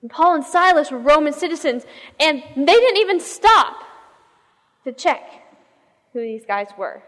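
A woman pastor telling a story in a sermon, in a lively conversational way, asking the listeners questions. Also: high voice, measured pace, long reverb tail.

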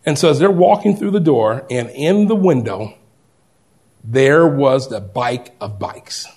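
Preacher, male, slightly high husky voice, dramatic storyteller who acts out every voice. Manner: acts out quoted voices, swings from loud to hushed. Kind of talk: sermon with storytelling.

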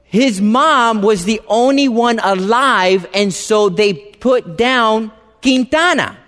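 A man's voice: sits high, slow, fairly bright tone, voice pushed up. A man voicing his elderly mother as she explains family history in a matter-of-fact way. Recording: reverberant hall.

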